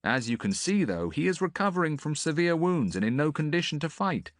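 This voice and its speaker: A man's voice: fairly high pitch, very animated, a little fast, no echo, studio quality, pitched above the performer's own voice. A man voicing a tall, confident young prince in an audiobook, commanding but amiable.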